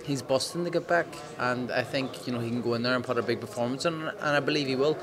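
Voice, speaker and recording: A man's voice: mid-range voice, fast. A man with a Northern Irish accent, a boxer chatting frankly and swearing at ringside, often repeating his words. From Northern Ireland. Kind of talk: casual chat. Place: busy boxing arena. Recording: loud arena crowd behind.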